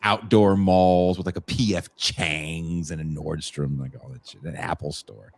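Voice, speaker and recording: A man's voice: deep voice, fairly even intonation, measured pace, gravelly. A man from the Bay Area co-hosting a podcast, rambling in a laid-back, profane way. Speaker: podcast co-host. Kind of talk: casual chat.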